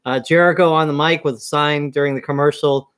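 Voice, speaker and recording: A man's voice: a little high, fairly even intonation, a little fast, a bit bright, smooth. A man co-hosting a wrestling review show, recapping in an easygoing way with lots of "uh" fillers. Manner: easygoing, many "uh" fillers, chuckles often. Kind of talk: casual review chat.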